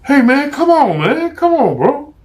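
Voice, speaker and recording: A man putting on a jumpy, high-voiced street dealer. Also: a little fast, a little mellow. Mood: agitated. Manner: pleading, agitated slang. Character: jumpy male street dealer, nervous and loud.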